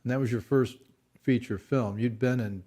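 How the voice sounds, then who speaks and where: A man hosting an interview show, introducing his guest in a measured, admiring way. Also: mid-range voice, fairly even intonation, mellow. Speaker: host.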